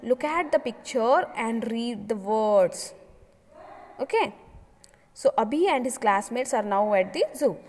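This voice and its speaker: High-voiced teacher in a reverberant room. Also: female voice, animated, darkish tone. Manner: explains slowly and repeats, asking the children questions. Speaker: schoolteacher. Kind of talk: online English lesson for young children. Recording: long hall reverb.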